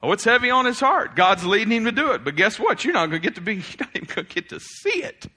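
Male pastor, animated sermon delivery, bright and a touch high. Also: quick pace. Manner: animated, swings from loud exclamations to quiet reflection, laughs often.

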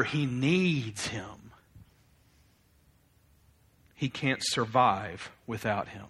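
A man preaching a sermon, animated, swinging between loud exclamations and quiet reflection, laughing often. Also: medium pitch, drawn-out words, pauses often, breathy edge. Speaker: pastor.

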